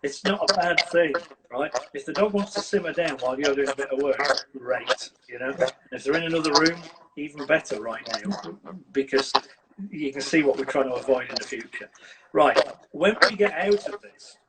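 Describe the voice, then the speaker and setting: A man, a dog trainer, giving lively, casual advice on a video call. He acts out scenes and keeps checking in with "right?". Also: fairly high pitch, normal speed. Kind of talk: casual advice on a live stream. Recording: distant mic with loud noise.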